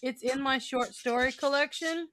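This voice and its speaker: Woman podcast cohost, kinda high voice, dry close sound, lively storyteller. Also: normal speed, dry recording. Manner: animated storyteller, laughs often. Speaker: podcast co-host. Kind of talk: casual chat.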